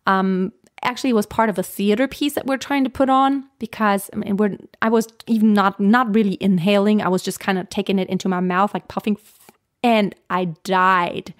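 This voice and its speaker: A woman's voice: mid-range voice, steady tone, normal speed. A woman vocal coach giving a casual teaching talk, chatty and laughing often as she restarts her sentences.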